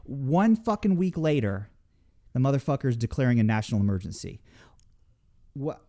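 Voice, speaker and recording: A man's voice: mid-range voice, animated, normal speed, warm tone. A man on a casual panel chat, ranting with heavy swearing and many restarts. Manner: profane, ranting, lots of restarts.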